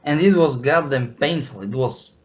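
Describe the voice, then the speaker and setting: A man speaking as a guest on a video call, haltingly searching for words. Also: mid-range voice. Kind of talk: casual online chat.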